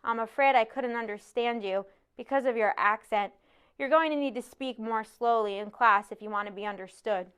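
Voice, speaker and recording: A woman's voice: on the high side, moderate pace, a bit bright, clear, resonant tone, lightly acted. A woman voicing a patient female schoolteacher speaking politely to her class.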